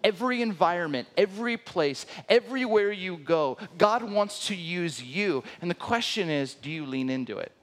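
A man's voice: sits high, animated, normal speed, few pauses. A man in his thirties preaching a sermon as a pastor, telling a personal story and acting out the quoted dialogue.

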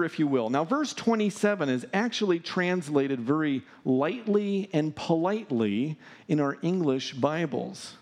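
A man preaching with lively, theatrical energy, jumping between a high, mocking voice and a lower storytelling tone. His voice sits a little higher than most men's, and he plays the characters for laughs as he walks through the passage. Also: measured pace. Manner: animated and humorous, acting out the scripture with mocking voices. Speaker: pastor. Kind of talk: sermon.

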